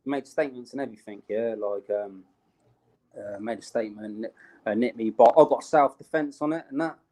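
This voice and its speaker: A man's voice: mid-range voice, brisk, warm tone. A young British man telling a street story in casual, slangy talk, laughing along the way. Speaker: interview guest.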